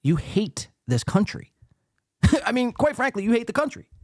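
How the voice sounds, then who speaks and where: A man rants through a live podcast, mocking and profane. His pitch leaps high and drops low as he talks, and the sound is dry and close with no room around it. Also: very animated, moderate pace, no room sound. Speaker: podcast host. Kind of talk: ranting live podcast commentary.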